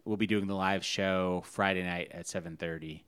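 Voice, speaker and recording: Dry, teasing low-voiced man. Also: steady tone, moderate pace, a bit bright, clear, resonant tone. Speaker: podcast co-host. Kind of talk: casual chat.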